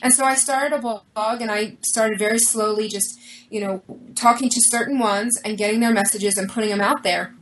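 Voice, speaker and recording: Earnest, higher-voiced woman telling her story. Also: normal speed, slight background noise, rough recording. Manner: earnest, animated retelling with quoted dialogue. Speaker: interview guest. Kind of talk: personal storytelling in an interview.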